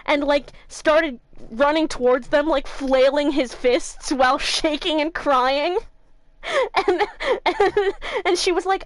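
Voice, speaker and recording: A young woman streamer, excitable and quick to swear, chatting while she plays through a courtroom game. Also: high voice, dry recording, low-quality recording. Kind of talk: reading a game aloud with commentary.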